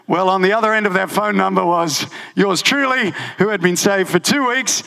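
A man preaching a sermon, telling a personal story with lively humor and frequent laughter. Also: sits high, normal speed, creaky, few pauses. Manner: animated storytelling, laughing often. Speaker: pastor.

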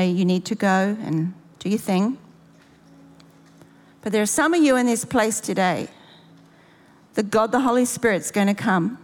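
A woman preaching a sermon in a church, making emphatic, repeated declarations and leading a closing prayer. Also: medium pitch. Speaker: pastor, guest preacher. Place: large church auditorium. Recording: long reverb of a big church hall.

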